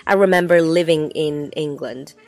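Bilingual woman co-host, low voice. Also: moderate pace, a little mellow, faint music behind. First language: Mandarin Chinese. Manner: curious, asks questions, explains in two languages. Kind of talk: bilingual educational chat.

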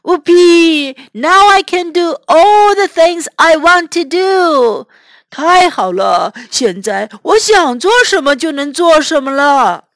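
A grumpy old farmer from a children's storybook snaps at his noisy animals in a high, forceful voice, as a woman reads him. The sound is dry and close. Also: very animated, unhurried, few pauses, dry recording, heavily acted. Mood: gleeful. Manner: cranky shouting, then gleeful.

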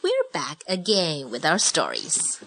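A woman, reading a children's story aloud in a gentle, teacherly way and explaining words in Mandarin. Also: sits low, wildly swooping pitch, a little slow, gravelly, no room sound. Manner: gentle, teacherly, switches between English and Mandarin. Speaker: host reading stories with a child.

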